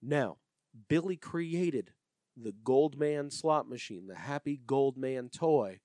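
A man co-hosting a casual podcast, recapping a TV episode with jokes and quick character impressions. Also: mid-range voice, no room sound, studio quality. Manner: lively, joking, mimics characters. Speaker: podcast co-host.

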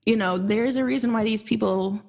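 A woman's voice: medium pitch, brisk, vocal fry, a little mellow. Young woman on a sports podcast, chatty, laughs a lot, lots of fillers. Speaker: podcast co-host. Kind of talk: casual sports podcast chat.

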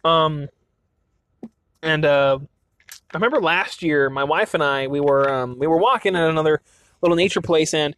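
A man's voice: fairly high pitch, moderate pace, long pauses, fairly bright tone, clean tone, no room sound. Rambling young man, dry close sound. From western US. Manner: rambling, full of restarts and fillers. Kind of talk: casual monologue.

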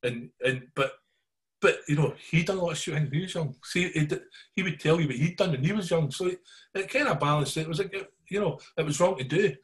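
Middle-aged Glaswegian man, slightly high voice, lively storyteller who keeps asking if you follow. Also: fast talker. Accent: Glaswegian Scottish. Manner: animated yarn-spinning, keeps checking in with listeners. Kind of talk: casual storytelling chat.

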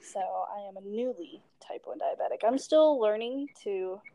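A young Southern woman from Tennessee co-hosts a podcast, her warm, mid-range voice animated and moderately paced. The audio is poor and dry. She chats casually with an easygoing, folksy manner and a ready laugh.

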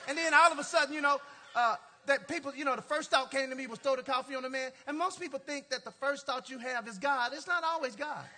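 A male pastor telling a story from the pulpit in an animated, playful way, laughing and talking straight to the congregation. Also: very high voice, fast talker, few pauses. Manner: colloquial, drawling "y'all" and "ain't". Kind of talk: storytelling sermon.

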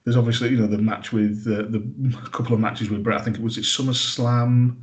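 A man in casual chat, talking in a relaxed, reflective way. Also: on the low side, fairly quick, lo-fi sound.

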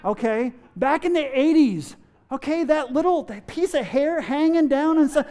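A man's voice: extremely high pitch, moderate pace, dark tone. A man preaching a sermon, firing rhetorical questions at his listeners and playfully acting out everyday remarks. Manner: fires rhetorical questions at the audience; playful, acts out everyday quotes, chuckles.

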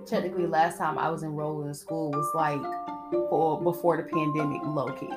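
Soft-spoken, blunt young woman podcaster. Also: little pitch movement, a little fast, over loud music. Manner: soft-spoken, low-key delivery; blunt and opinionated, with slangy asides. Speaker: podcast host. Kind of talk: casual solo podcast monologue.

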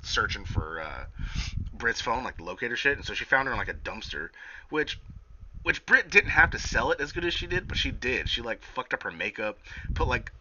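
Young male host, casual recap, profane and excitable, tired; very bright, sharp tone, animated pitch. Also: moderate pace, a little hiss or hum. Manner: profane, excitable, acts out quotes. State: tired, yawning. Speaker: podcast host. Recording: dull lo-fi sound.

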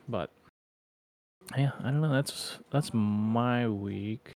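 A man co-hosting a podcast, talking casually with relaxed, short replies. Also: medium pitch, takes it slowly. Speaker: podcast co-host. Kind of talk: casual chat.

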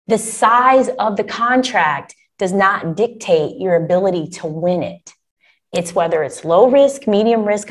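Woman, contracting coach, lively and talkative, casual y'all delivery. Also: mid-range voice. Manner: animated, chatty, addresses listeners as y'all. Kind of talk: coaching talk to an audience. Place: Michigan.

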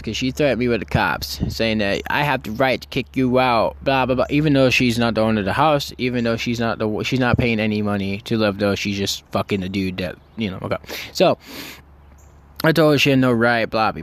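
A young man in a casual storytelling mode, talking fast with mid-range pitch. He rambles and restarts, swears freely and gets worked up as he goes. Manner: excited, rambling, heavy swearing. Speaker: vlogger.

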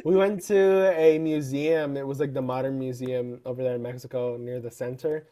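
A young adult co-host chatting casually on a podcast, at a middle pitch. The stories come out animated, full of fillers, with quick mimicry of the people in them. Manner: animated storyteller, acts out quoted people. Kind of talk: casual chat.

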